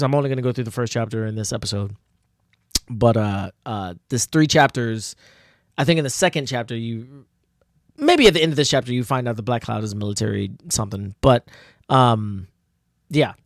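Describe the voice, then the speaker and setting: A man's voice: mid-range voice, animated, moderate pace, dry recording, studio quality. A man casually commenting on his own old comic, self-mocking and full of fillers. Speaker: comic artist and channel host.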